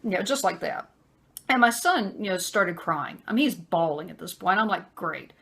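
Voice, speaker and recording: A woman telling a personal story in a conversational vlog, with many fillers and pauses. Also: medium pitch, animated, creaky, fairly bright tone, husky. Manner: acts out a harsh man's voice in quotes. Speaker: vlogger.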